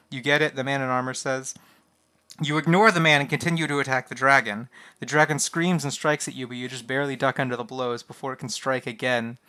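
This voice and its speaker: A man streaming a text adventure game, reading its lines aloud and reacting in an animated, swearing way. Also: mid-range voice.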